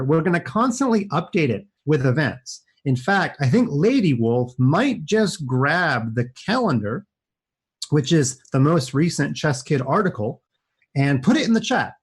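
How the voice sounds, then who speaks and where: A man's voice: on the high side, big pitch swings, measured pace, slightly rough. A man in his forties giving playful, chatty live chess commentary aimed at children, with jokey asides. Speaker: chess streamer playing kids online.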